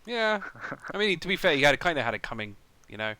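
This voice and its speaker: A man playing a tabletop game, chatting casually and reacting loudly to events. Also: fairly high pitch, sing-song, quick pace, no room sound. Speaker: player.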